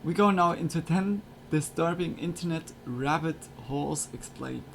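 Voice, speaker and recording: Streamer dude, kinda high voice, rambly filler talk, usb mic with faint hiss. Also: male voice, normal speed, creaky. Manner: chatty, filler-heavy, slightly broken English. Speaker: streamer reacting to videos. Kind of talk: casual reaction commentary. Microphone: USB desk microphone.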